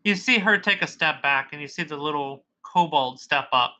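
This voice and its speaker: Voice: medium pitch, moderate pace, pushed and bright. A game master who narrates a tabletop game in a casual, rambling way, stumbling often over descriptions. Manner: casual and rambling, with many fillers.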